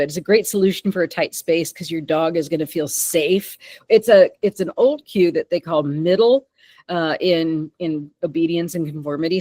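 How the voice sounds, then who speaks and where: A woman dog trainer teaching a webinar in an animated way. She often checks in with "okay?" and "right?". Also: on the low side, no echo. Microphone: remote call microphone.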